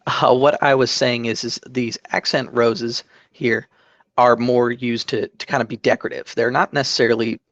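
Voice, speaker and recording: A man with a gravelly, mid-pitched voice talks through a digital drawing tutorial in a relaxed, step-by-step way, pausing on fillers and correcting himself. The recording from his desk mic sounds dull and dry. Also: no room sound. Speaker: tabletop game channel host. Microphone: desk microphone.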